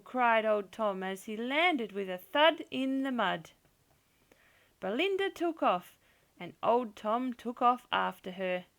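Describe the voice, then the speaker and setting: A woman reading a children's picture book aloud in a slow, gentle, expressive storytelling manner. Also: on the high side. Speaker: storybook reader.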